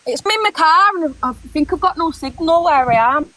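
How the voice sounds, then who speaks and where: Bubbly high-voiced woman calling in from her car. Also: animated, brisk. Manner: bubbly, rambling. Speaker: caller. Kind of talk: casual chat. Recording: patchy call with car noise.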